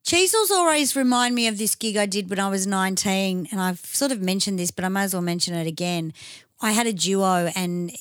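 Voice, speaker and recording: A woman's voice: mid-range voice, fairly quick, no room sound, studio quality. A woman with an Australian accent co-hosting a podcast, telling blunt, sweary stories in casual chat. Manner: blunt, sweary, animated storyteller. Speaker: podcast co-host.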